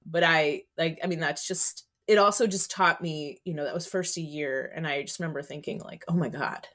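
A woman's voice: low-pitched, fairly even intonation, normal speed, fairly bright tone. A woman in her forties, a podcast guest telling stories in a candid, chatty way. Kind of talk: casual interview storytelling.

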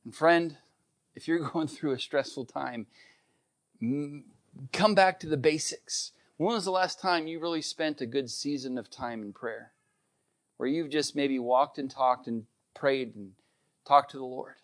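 A man's voice: mid-range voice, a little slow. A middle-aged man preaching a sermon, earnest and emphatic, repeating key points. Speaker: pastor.

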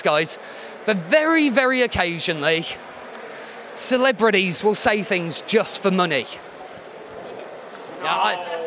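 A man hosting a live quiz show in a deadpan, sarcastic way, slightly hoarse as he loses his voice. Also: very high-pitched, measured pace, slight background noise. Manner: deadpan sarcasm, teasing the audience.

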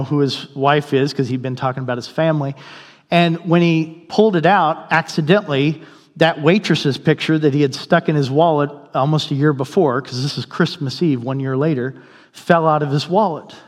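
A man's voice: on the high side, normal speed. A male pastor telling a story in a sermon, in a conversational way, and briefly voicing the people in it. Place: church sanctuary. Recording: long hall reverb.

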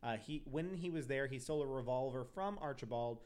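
A man's voice: medium pitch, brisk, darkish tone. A young man hosting a podcast, telling a true crime story casually, with profane asides and self-corrections. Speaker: podcast host.

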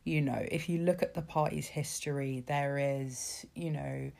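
A woman's voice: a bass voice, steady tone, a little slow, creaky, dark tone. A woman ranting casually about politics, sarcastic and exasperated, swearing freely and filling with asides. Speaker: vlogger.

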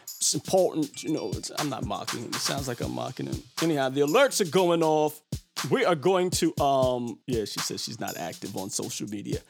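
A man hosting a podcast, chatting casually in an animated, rambling way with lots of fillers. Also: mid-range voice, moderate pace, gravelly, over music. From Brooklyn. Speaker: podcast host. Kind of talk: casual chat.

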